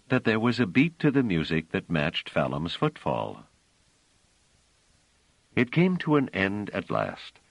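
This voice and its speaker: A man reading a novel aloud as an audiobook narrator, with expressive storytelling. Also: low-pitched, gravelly, no echo, poor audio. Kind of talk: scripted narration.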